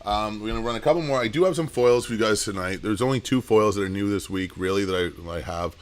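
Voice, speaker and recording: A man who owns a comic shop, running a live auction and telling rambling shop stories in casual chat. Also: fairly low pitch. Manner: rambling storyteller, quick asides.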